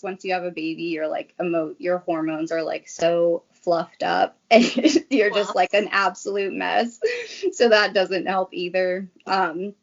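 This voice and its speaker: Chatty young woman with a low voice. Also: little pitch movement, unhurried, vocal fry. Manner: chatty, filler-heavy storytelling with many "like"s. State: briefly tearful. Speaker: guest. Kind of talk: casual chat. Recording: dull lo-fi sound.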